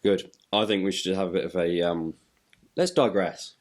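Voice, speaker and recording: A man's voice: low-pitched, moderate pace. An older man co-hosting a podcast, chatting in an easygoing way and laughing often. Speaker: podcast co-host. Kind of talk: casual chat.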